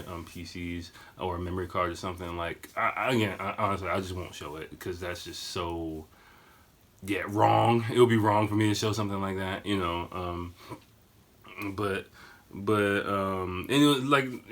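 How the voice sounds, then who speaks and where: A man's voice: lowish voice, a bit bright. A man in his thirties telling a story on his podcast in a rambling, profane, casual way. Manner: rambling, profane, lots of fillers. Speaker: podcast host.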